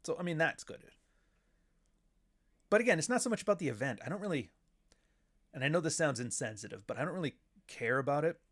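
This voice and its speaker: A man's voice: fairly high pitch, lively intonation, fairly quick, long pauses. A middle-aged man from Canada hosting a casual livestream, talking in a profane, sardonic and rambling way. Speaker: show host.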